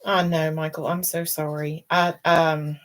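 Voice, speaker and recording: A woman's low, unhurried voice carries a casual live-stream chat. She rambles from one thought to the next and sounds on the edge of crying. She comes across as middle-aged and speaks as the host of her own show. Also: flat delivery. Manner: rambling, emotional, fighting back tears.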